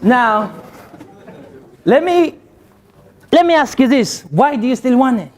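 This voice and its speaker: A young male motivational speaker with a non-native accent addresses a youth audience. His voice sits high and rises and falls with lively swings. He repeats phrases for emphasis and mixes in jokes. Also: slow pace.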